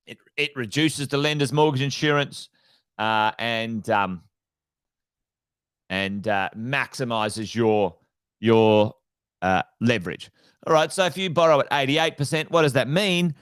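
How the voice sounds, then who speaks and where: A man's voice: medium pitch, measured pace, fairly bright tone, clean tone, no echo. A middle-aged man hosting a live-stream chat about property investing, full of energy, repeating himself and asking rhetorical questions.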